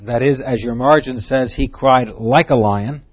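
A man teaching a Bible class, explaining the text and moving between low asides and a louder reading voice. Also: brisk, hardly any pauses, slightly rough. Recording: dull lo-fi recording.

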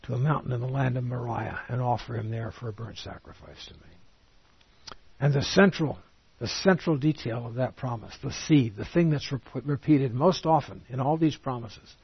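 A man giving a Bible teaching sermon, reading scripture slowly and emphatically and then explaining it in plain words. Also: mid-range voice, husky, lo-fi sound. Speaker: preacher.

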